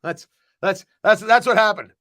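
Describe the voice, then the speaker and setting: Male host, casual stream talk, high pitched and animated, punchy and emphatic. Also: moderate pace. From US East Coast. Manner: animated, emphatic, repeats words. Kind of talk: casual live-stream chat.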